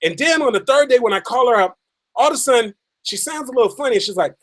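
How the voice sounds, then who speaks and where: An emphatic man with a fairly high voice tells a story as a motivational speaker. He hammers phrases again and again for effect. He drags out the key lines slowly for drama. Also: expressive, fairly bright tone.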